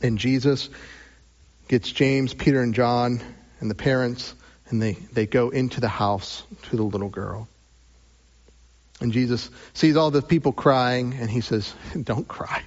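A man preaching a sermon as pastor. He moves between raised, emphatic lines and hushed, drawn-out phrases with long pauses. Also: mid-range voice, muffled recording.

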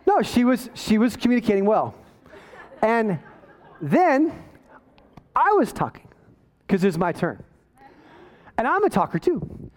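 High-voiced, conversational male preacher. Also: huge pitch swings, moderate pace, pauses often. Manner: storytelling, self-deprecating and conversational, rising to emphatic preaching. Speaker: pastor. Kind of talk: sermon.

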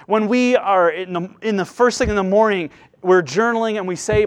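A man preaching a sermon with passion, swelling loud on key phrases and dropping to a hushed, slow delivery. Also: sits high. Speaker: pastor.

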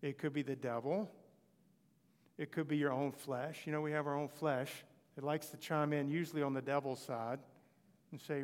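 A man preaching with a slightly raised voice, telling scripture stories in an animated way. His voice rings out with a long reverb, as if he is in a large church hall. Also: a little high, moderate pace. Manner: animated storytelling, voicing quoted scripture figures. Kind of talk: sermon.

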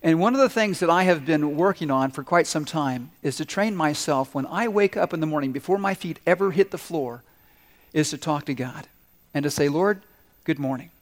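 A male pastor delivers a sermon in a reverberant hall, his voice sitting a little high for a man. He tells stories, acts out quotes and puts questions to his congregation. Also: expressive, fairly quick. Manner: storytelling with acted-out quotes and audience questions.

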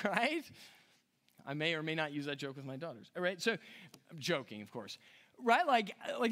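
A middle-aged man preaching a sermon, animated and jokey, acting out characters in quick asides. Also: sits high. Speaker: pastor.

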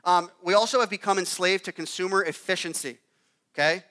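A pastor in his thirties delivers a conversational sermon in a relaxed, storytelling manner, frequently checking with the congregation with a quick "okay?". His bright, smooth voice sits a little higher than most men's.

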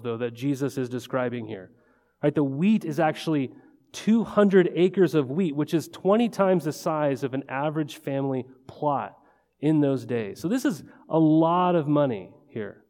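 A man's voice: on the high side, dark tone. Chatty male pastor, reverberant hall. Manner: conversational, full of rhetorical questions and "right?". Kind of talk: sermon. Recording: long reverb of a large hall.

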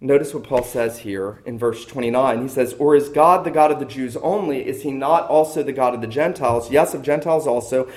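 A man's voice: medium pitch, fairly quick, few pauses. A man preaching a sermon as a pastor, emphatic and repeating key lines for stress.

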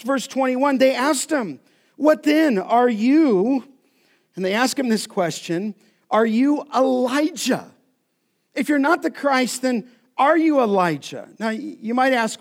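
A male pastor preaching an expository sermon, slowing down to stress each scripture phrase. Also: extremely high pitch. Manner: emphatic, slows down to stress scripture. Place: church sanctuary.

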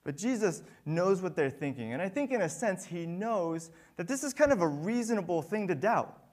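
A man's voice: high voice, big pitch swings, moderate pace, darkish tone. A man preaching a sermon as pastor, earnest and building to emphatic peaks.

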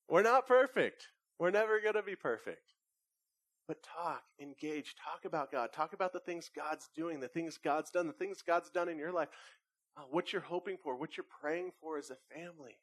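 A man's voice: fairly high pitch, moderate pace, no echo. Conversational male pastor preaching in a dry room. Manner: conversational preaching with animated anecdotes. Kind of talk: sermon.

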